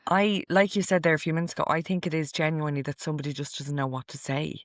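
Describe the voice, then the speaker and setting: A woman's voice: deep voice, steady tone, fast, no echo, studio quality. A middle-aged woman hosting a casual podcast, reading out quotes from a list in a chatty, amused way. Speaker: podcast host.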